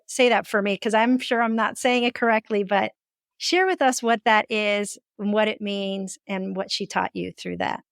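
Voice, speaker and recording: A woman hosting a podcast, chatting quickly and warmly with her guest. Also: medium pitch, creaky, no echo, clean studio sound. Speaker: podcast host. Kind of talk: casual interview chat.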